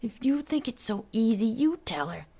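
A woman's voice: fairly high pitch, big pitch swings, moderate pace, mellow, breathy edge, voice pushed up, full character voice. A woman voicing a sullen young brother who answers curtly and sarcastically. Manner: curt, sarcastic.

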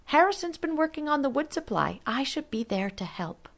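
Woman doing a gentle, hesitant older woman. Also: sits high, big pitch swings, moderate pace, creaky, pitched above the performer's own voice, exaggerated voice. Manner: polite, hesitant.

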